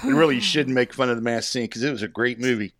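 A man's voice: mid-range voice, fast talker, a bit bright, dry recording, studio quality. A man co-hosting a podcast, teasing the others playfully. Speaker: podcast co-host. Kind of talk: casual podcast chat.

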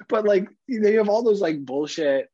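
A husky-voiced man co-hosts a podcast, spinning stories in a casual way and putting on the voices of the people in them. He laughs easily and swears freely. The sound is dry and a bit dull. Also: high-pitched, no echo. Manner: animated, acts out other people's lines, laughs often, swears casually. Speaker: podcast co-host. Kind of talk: casual storytelling chat.

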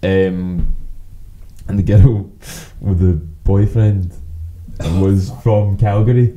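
A man's voice: lowish voice, fairly even intonation, slow pace, noisy background. A Scottish man co-hosting a podcast, telling rambling, swear-laden anecdotes in casual chat and acting out both sides of the conversations. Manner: sweary, rambling anecdotes with quoted back-and-forth. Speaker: podcast co-host.

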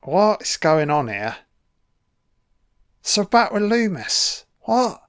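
A British man talks over a film in a slow, unhurried drawl, his voice smooth and clear and sitting a little high. He swears constantly and scolds the characters on screen as if they could hear him. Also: very animated, no room sound, clean studio sound. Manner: profane, heckling the screen. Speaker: film commentator. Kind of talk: audio film commentary.

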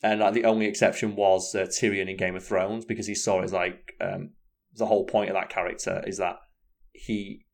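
A man chatting casually as a podcast co-host, telling stories in an animated, sweary way. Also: deep voice, brisk, creaky. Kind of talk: casual chat.

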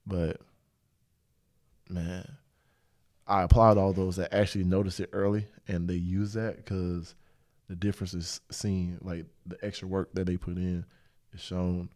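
A young man hosting a casual podcast conversation. His voice sits on the low side, and he drifts through stories with plenty of laughter. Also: level tone, measured pace, pauses often, darkish tone. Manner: rambling storyteller, laughs often. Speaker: podcast host. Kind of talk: casual chat.

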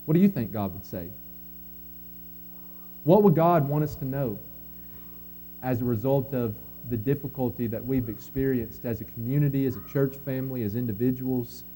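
A man preaching a sermon as pastor, earnest, rising to emphatic quotes and dropping soft again. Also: medium pitch, moderate pace, long pauses, a little hiss or hum. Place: church sanctuary.

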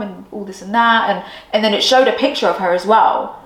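A woman co-hosting a podcast, telling a story in an excitable, rambling way with lots of fillers. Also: mid-range voice, fast. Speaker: podcast co-host. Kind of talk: casual chat. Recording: roomy echo.

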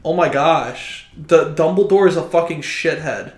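Man, casual chat, higher voice, blunt and profane, lots of fillers, echoey room. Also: normal speed.

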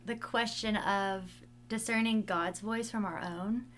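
A woman's voice: mid-range voice, fairly even intonation, measured pace, a bit bright, a little hiss or hum. A woman co-hosting a casual faith podcast, raising questions thoughtfully with lots of filler "like".

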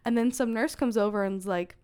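A young adult woman, a podcast guest, chatting casually and telling animated stories full of "like.". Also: a little high, fairly quick, clear, resonant tone. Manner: animated storyteller, heavy use of "like". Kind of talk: casual chat.

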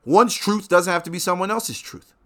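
A man hosting his own show, delivering a profane, animated rant with sudden loud outbursts. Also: high-pitched, moderate pace. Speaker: show host. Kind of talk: ranting monologue.

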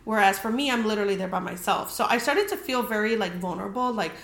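A woman's voice: medium pitch, quick pace, creaky, a bit bright. A young woman casually telling a story as a podcast host, chatty and full of "like", swearing freely. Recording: roomy echoey room.

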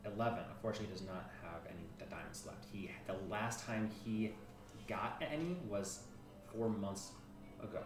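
Animated game master heard from afar. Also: male voice, lowish voice, over music. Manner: animated, halting describer with many restarts. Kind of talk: narrating a tabletop game. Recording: roomy room, distant mic.

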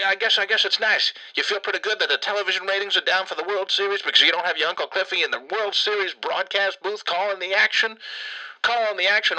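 A man's voice: high voice, sharp tone, full character voice, low-quality recording. A man voicing a crude, bitter uncle who was fired as a baseball announcer, ranting profanely in a comedic monologue. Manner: profane, ranting, repetitive, keeps naming the listener. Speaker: comedic character rant.

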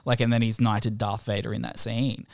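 A man's voice: fairly low pitch, normal speed, no room sound, clean studio sound. A man in his thirties co-hosting a podcast, chatting casually and recapping film scenes. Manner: relaxed and conversational, recapping scenes with laughs. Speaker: podcast co-host. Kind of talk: casual chat.

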